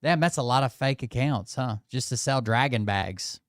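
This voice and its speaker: A man's voice: mid-range voice, normal speed, no room sound, clean studio sound. A man hosting, giving casual offhand reactions to videos, often muttering and trailing off. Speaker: host.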